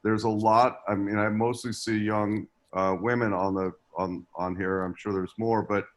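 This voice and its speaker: A man's voice: fairly low pitch, flat delivery, normal speed. A man speaking as a guest agent in an online acting class, earnest and rambling with many restarts. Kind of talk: advice in a live video-call class. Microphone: video call.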